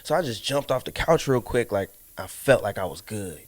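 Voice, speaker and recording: Podcast dude telling a crazy story, swears a lot, acts out the quotes. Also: male voice, fairly low pitch, normal speed. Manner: animated storyteller, acts out his own lines, swears often. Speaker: podcast co-host. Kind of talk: casual storytelling chat.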